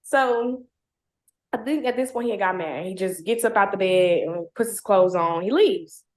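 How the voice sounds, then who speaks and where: A woman's voice: medium pitch, moderate pace. A young woman telling her own story in casual, slangy talk, packed with "like" and blunt language, in a roomy, echoey recording. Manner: heavy "like" fillers, slangy, blunt. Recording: roomy echo.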